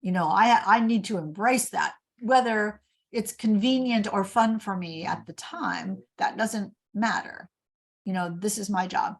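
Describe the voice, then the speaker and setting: A woman's voice: mid-range voice, measured pace. An older woman from Indiana, a guest author, telling stories in an interview and acting out the dialogue in them. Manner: animated storyteller, acts out quoted dialogue. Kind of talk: storytelling interview.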